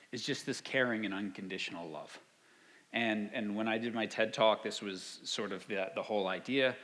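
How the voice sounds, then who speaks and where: A man's voice: on the low side, a bit bright, big-room sound. A man giving a talk to parents, telling stories from his own family and asking the audience questions. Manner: storytelling, asks the audience. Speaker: speaker.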